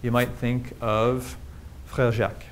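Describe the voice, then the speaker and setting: A man's voice: mid-range voice, little pitch movement, slow pace, a little hiss or hum. A man giving a public linguistics lecture with slides, explaining things plainly and throwing rhetorical questions at the audience.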